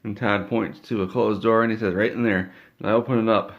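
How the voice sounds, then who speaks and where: A man's voice: fairly low pitch, steady tone, fast talker, muffled recording. A man telling an absurd comedic story in a rambling way, stammering and repeating words.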